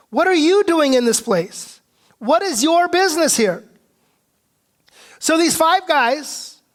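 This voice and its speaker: A male pastor from the Pacific Northwest preaching a conversational sermon. He often asks "right?" and now and then clears his throat. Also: very high voice, a bit bright. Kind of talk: expository sermon. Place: church sanctuary.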